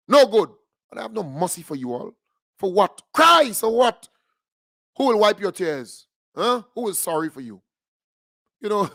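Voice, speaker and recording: A man with a Grenadian accent rants through political commentary on the radio, fiery and mocking, picking fights as he goes. His voice sits notably high, and the sound is close and completely dry, with no room around it. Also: no room sound. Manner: fiery, mocking and combative rant.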